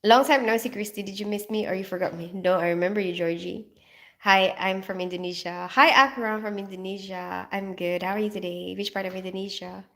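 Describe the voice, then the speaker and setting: A woman's voice: mid-range voice, fairly even intonation, brisk, fairly bright tone. Giggly Filipino woman chatting to viewers. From Philippines. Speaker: livestream host reading chat. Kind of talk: casual live chat.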